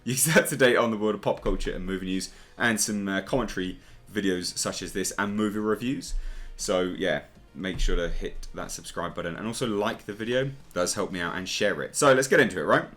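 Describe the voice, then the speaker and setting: A man's voice: fairly low pitch, brisk, a bit bright, faint music behind. A man hosting a casual pop-culture commentary video, talking in a sarcastic, exasperated way. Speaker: YouTube commentary host.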